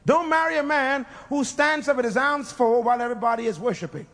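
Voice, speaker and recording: A man preaching a fiery sermon, shouting, laughing and leading call-and-response. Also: very high voice, fast.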